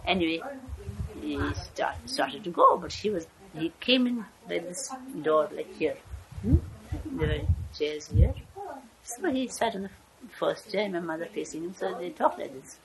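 Give me an older woman telling a rambling personal story, pausing to find her words, with crowd noise around her. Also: fairly low pitch, animated, low-quality recording. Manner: rambling, often searching for words. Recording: crowd chatter in background.

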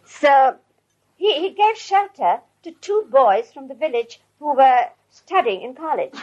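A woman's voice: sits high, big pitch swings, a little slow, a little mellow. An older woman telling a story in a rambling, conversational way. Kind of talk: casual anecdotal storytelling. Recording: dull lo-fi recording.

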